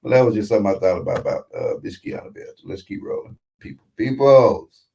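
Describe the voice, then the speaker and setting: A man hosting a casual reaction commentary show, talking in an animated, slangy way with frequent asides. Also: on the low side, fast talker, creaky, rough recording. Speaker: show host reacting to a clip.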